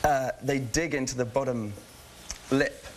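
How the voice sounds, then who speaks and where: Fast-talking English man, chatty. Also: medium pitch, slight background noise. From England. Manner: quick, chatty, many restarts and laughs. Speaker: guest actor. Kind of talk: casual talk show interview.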